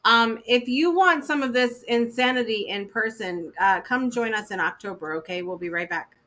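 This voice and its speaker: A woman's voice: a little high, normal speed, music in the background. A woman hosting a casual live show, chatting and laughing through scattered asides. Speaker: host.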